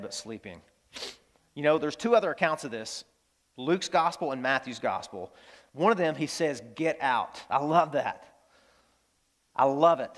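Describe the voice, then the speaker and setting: A man preaching a sermon as pastor, animated, swinging from loud exclamations to hushed, tender lines. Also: a little high.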